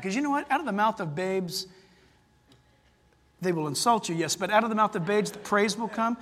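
A man preaching a sermon as pastor, telling stories in an animated way with loud excited bursts. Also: high-pitched, brisk, long pauses, big-room sound, a little hiss or hum.

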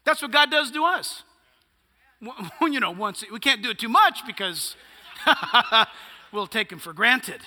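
A man's voice: very high-pitched, lively intonation, unhurried, pushed and bright, long reverb tail. A male pastor preaching a sermon, emphatic and punchy, firing off rhetorical questions.

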